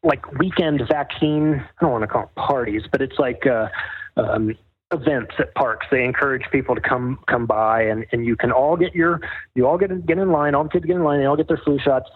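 A man rambles through his points with a wry, sardonic edge. His voice is mid-pitched and comes through a thin, phone-like line. The sound is dry, with no room around it. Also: brisk, breathy edge, no room sound. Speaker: guest author. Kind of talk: casual interview storytelling.

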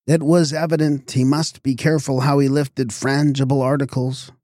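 A man reading a story aloud as narrator in a measured, even way. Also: mid-range voice, no echo, studio quality. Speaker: audiobook reader. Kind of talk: scripted narration.

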